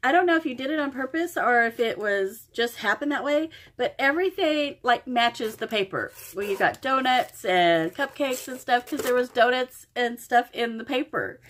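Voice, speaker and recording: A woman's voice: on the high side, normal speed, a bit bright, a little hiss or hum. A middle-aged woman from Oklahoma gushing over craft supplies in an unboxing vlog, exclaiming often. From Oklahoma, USA. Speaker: crafting vlogger. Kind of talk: happy mail unboxing vlog.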